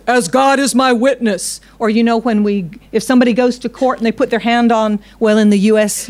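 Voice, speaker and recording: A woman pastor, preaching a conversational sermon and putting questions to her congregation. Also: on the high side.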